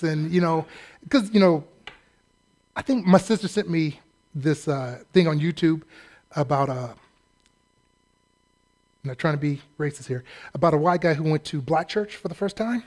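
A pastor preaching a sermon in a humorous, conversational, self-deprecating way. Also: male voice, on the high side, normal speed, long pauses, darkish tone.

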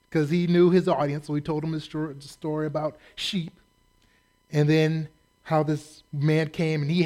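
A man preaching a sermon, retelling a scripture story in a folksy, animated, humorous way. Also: fairly high pitch. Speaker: pastor.

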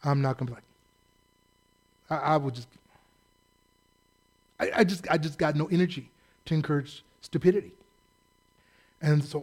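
A male pastor preaching a sermon in a blunt, sarcastic, animated storytelling manner. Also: on the high side, normal speed, long pauses. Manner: animated storytelling with acted quotes.

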